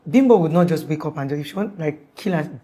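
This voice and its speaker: A woman's voice: deep voice, expressive, fast, dark tone. A young woman recounting an emergency in a rambling, casual way with many restarts and "like"s. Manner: rambling, restarts often, uses "like" a lot. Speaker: guest telling her story. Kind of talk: casual storytelling in interview.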